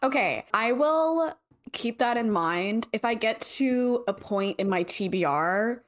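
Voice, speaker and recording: A woman co-hosting a podcast in casual chat, playful and quick to laugh. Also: a little high, animated. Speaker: podcast co-host.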